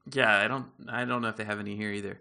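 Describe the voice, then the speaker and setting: A man's voice: lowish voice, very fast, creaky. A man co-hosting a podcast, chatting casually and telling stories with easy laughs. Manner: relaxed storytelling, laughs easily. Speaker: podcast co-host. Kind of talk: casual chat.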